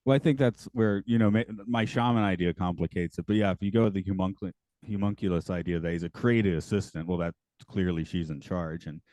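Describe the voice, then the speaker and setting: A man co-hosting a casual discussion podcast, talking in a relaxed way and laughing often. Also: low-pitched, fairly quick, few pauses, no echo. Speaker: podcast co-host.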